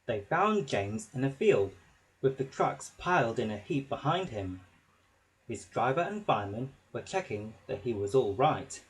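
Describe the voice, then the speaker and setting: A man narrating a children's story with a slow, expressive reading. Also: medium pitch, rough recording.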